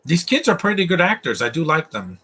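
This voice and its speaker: A man's voice: on the high side, very animated, a little fast, sharp tone, husky. A man giving casual, opinionated live commentary while watching a movie, rambling through asides and restarts.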